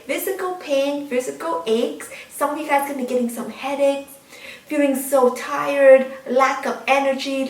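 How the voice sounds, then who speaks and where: A woman with a high voice gives earnest spiritual guidance to her viewers, leaning on key words and repeating them. She sounds a little distant from the mic, in a roomy, echoing space. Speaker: tarot reader and spiritual channel host. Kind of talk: spiritual guidance talk to camera.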